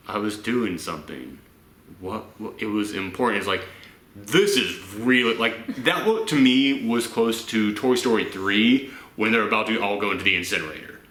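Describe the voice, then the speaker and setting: Bright-voiced man chatting about a movie. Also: fairly low pitch, a little fast, reverberant. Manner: rambling, animated, acts out quotes in silly voices. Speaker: movie reaction host. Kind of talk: casual movie discussion.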